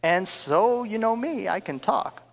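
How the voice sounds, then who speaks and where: Animated preacher man in an echoing hall. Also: high voice, unhurried, vocal fry. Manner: animated, chuckling storyteller. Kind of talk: storytelling sermon. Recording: long reverb of a large hall.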